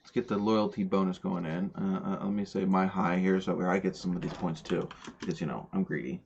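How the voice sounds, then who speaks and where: Male podcast host, casual and rambling, repeats himself; fairly low voice, dull stream sound. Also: fairly even intonation, brisk, gravelly, a little mellow, a little hiss or hum. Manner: rambling, stumbles and repeats words. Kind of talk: casual livestream chat.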